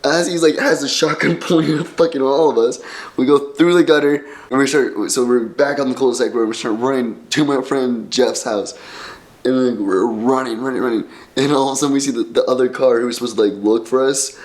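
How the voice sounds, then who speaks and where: A man's voice: medium pitch, fairly quick. Young man telling a story, laughing and swearing. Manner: laughs often, swears freely, animated. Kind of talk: casual comedic storytelling.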